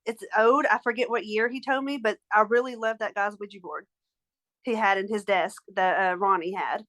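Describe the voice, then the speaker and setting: A woman's voice: medium pitch, moderate pace, fairly bright tone, no room sound. A woman, a paranormal investigator chatting casually on a podcast, giggly and full of ums.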